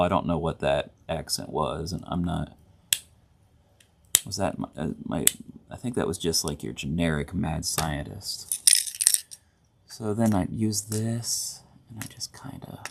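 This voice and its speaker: A man's voice: sits low, expressive, measured pace, creaky, noisy background. A middle-aged man hosting a casual hobby tutorial at home, chatty and rambling, often correcting himself mid-sentence. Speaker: host of a board gaming channel.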